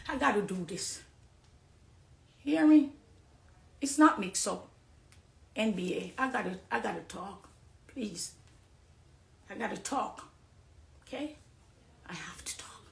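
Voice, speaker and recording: Jamaican woman, high voice, fiery spoken testimony, quiet to loud, roomy echo. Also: lively intonation, unhurried, gravelly, long pauses. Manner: pleading, swings from hushed to loud and emphatic. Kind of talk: impassioned testimony.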